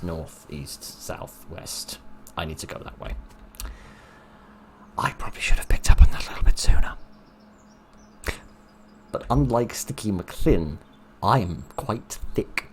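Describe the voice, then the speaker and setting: Young-adult let's player, self-mocking and dry; low voice at a desk mic. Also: male voice, slight background noise. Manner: wry, self-mocking, chuckling. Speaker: let's play host. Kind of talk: gaming commentary.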